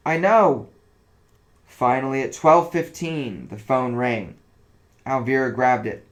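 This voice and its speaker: A man narrating a story aloud in a relaxed, casual reading voice. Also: medium pitch, a little slow, rough recording.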